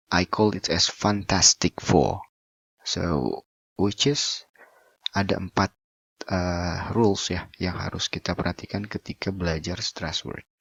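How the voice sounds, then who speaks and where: A man with an Indonesian accent teaching an English lesson, mixing in Indonesian and slowly repeating example words with emphasis. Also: sits low, creaky, a bit bright, breathy edge, dry recording, dull audio. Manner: switches between English and Indonesian explanations.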